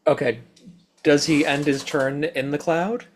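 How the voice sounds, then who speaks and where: A man's voice: fairly high pitch, steady tone, unhurried, slight background noise. A man playing a tabletop game who carefully explains the rules and mechanics. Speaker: player. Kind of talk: casual tabletop game chat.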